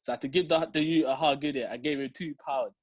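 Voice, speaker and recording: A young man with a London accent, telling a story in an animated, slang-heavy way as a podcast co-host. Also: medium pitch, fast talker, dry recording. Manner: slangy, lively, full of street slang tags. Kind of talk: animated storytelling in casual chat.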